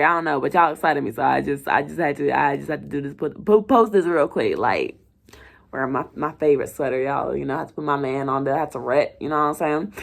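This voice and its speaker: Creaky-voiced young woman reading her story. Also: fairly low pitch. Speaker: story writer and reader.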